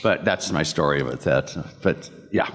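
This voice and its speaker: A man's voice: extremely low pitch, unhurried, fairly bright tone. An older man from Canada, a guest voice actor at a convention panel, telling rambling anecdotes and laughing through them. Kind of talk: storytelling at a panel Q&A. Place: convention hall. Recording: reverberant convention hall.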